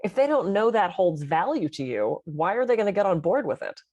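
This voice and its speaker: A middle-aged woman co-hosting a podcast in casual chat, an animated and expressive storyteller. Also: medium pitch, a little fast, no echo, muffled recording. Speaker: podcast co-host.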